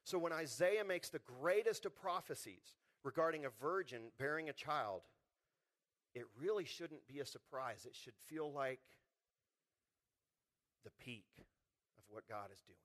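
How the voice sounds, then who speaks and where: A man preaching a sermon, lively and conversational, acting out the people in his stories. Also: fairly high pitch, a little slow, long pauses. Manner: animated, acts out quotes in voices. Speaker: pastor.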